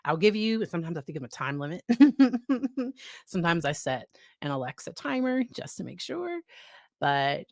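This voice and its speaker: A woman's voice: on the low side, big pitch swings, moderate pace, gravelly, a little mellow, dry recording, studio quality. A woman psychologist talking casually about parenting, often laughing and acting out exchanges with her child. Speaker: psychologist host. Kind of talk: casual educational talk.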